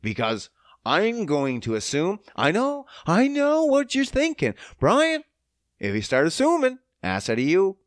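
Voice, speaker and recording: A man's voice: sits high, wildly swooping pitch, a little slow, no room sound. A man hosting a podcast, ranting in a casual, profane and sarcastic monologue on a close mic. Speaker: podcast host.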